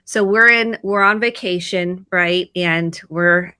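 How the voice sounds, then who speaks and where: A woman therapist speaks on a video call with a bright, forceful tone. The sound is dry and close. She talks casually and animatedly, acting out her own quoted lines. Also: fairly low pitch, slow pace, clear, resonant tone, no echo. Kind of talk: video chat about mental health.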